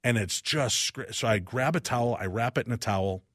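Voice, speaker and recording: A man guest-hosting a talk radio show, telling a personal story in an animated way and acting out each person's lines. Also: medium pitch, a little fast, no echo, studio quality.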